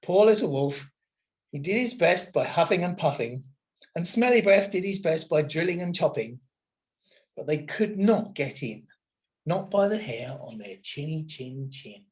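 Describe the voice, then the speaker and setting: A man, a teacher, reading a picture book aloud to children in an expressive storytelling manner. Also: fairly high pitch, unhurried.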